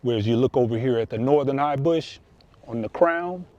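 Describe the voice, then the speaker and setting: A man's voice: mid-range voice, normal speed, a little mellow, highs cut off. A man hosting a gardening video, explaining things in a folksy, casual way while walking through his outdoor garden. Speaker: gardening channel host.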